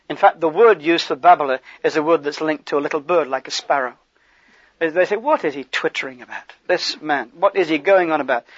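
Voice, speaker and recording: Male preacher, high-pitched, conversational sermon delivery, muffled recording. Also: no room sound. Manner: conversational, animated preaching with gestures and asides.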